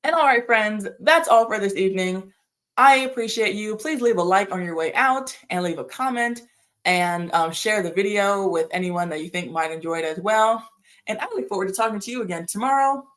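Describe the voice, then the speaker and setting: A woman's voice: mid-range voice, fairly quick, a bit bright. A young woman hosting a livestream, rambling in casual chat as she reads viewer comments, often laughing and short of breath. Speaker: livestream host.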